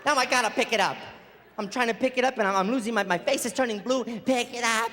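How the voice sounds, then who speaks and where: A man's voice: extremely high pitch, fast talker, pushed and bright, some chatter behind, a little hiss or hum. A man doing a stand-up comedy set on a theater stage, telling stories animatedly and acting out his wife's lines. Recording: live hall reverb, faint ambience.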